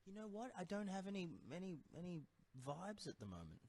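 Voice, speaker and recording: A man's voice: high-pitched, sing-song, fairly quick, a little mellow. An Australian man in a casual interview, telling mock-serious jokes in a dry way. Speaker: band member interviewed.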